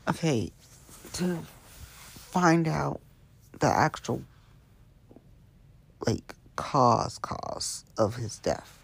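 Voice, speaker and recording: A gravelly show host with a slightly husky, breathy edge rambles through the day's news in loose, chatty talk. The delivery wanders from point to point and keeps slipping into quiet, hushed asides. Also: mid-range voice, lively intonation, very slow, pauses often. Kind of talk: casual news chat. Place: Hamilton County area.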